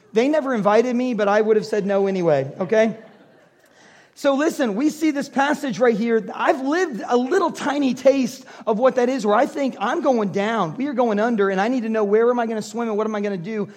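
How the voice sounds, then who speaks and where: Man, pastor, high voice, animated sermon storytelling, laughs often. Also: fairly quick.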